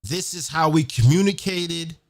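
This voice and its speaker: A man hosting an event, delivering an excited, profane monologue and half-singing some lines. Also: a little high, unhurried. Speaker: event host. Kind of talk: excited monologue over a beat. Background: music.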